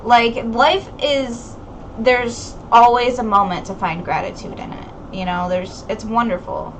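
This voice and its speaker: A woman's voice: a little high, steady tone, a little slow, slight background noise, low-quality recording. A young adult woman hosting a casual recovery podcast, talking candidly with many fillers and some swearing. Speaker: podcast host.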